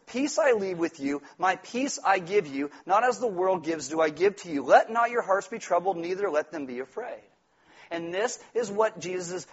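A male pastor, around his forties, preaching an animated, joking sermon and acting out quotes in loud put-on voices. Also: sits high, husky. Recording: dull lo-fi sound.

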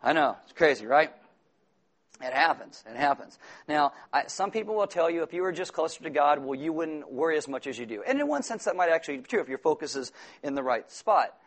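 A man's voice: on the high side, animated, a little fast. A male pastor preaching a sermon in a conversational, often humorous way, rising to emphatic repetition at times.

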